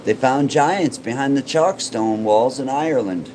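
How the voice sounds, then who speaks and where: A man's voice: mid-range voice, a little slow, noisy background. A man who is a paranormal YouTuber, joking and rambling in casual vlog chat.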